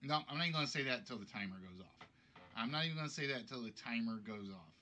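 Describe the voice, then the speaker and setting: A man's voice: mid-range voice, animated, rapid-fire, bright, forceful tone, slight background noise. A man hosting a live-streamed game show from home, thinking aloud and rambling as he chats. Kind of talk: casual live-stream chat.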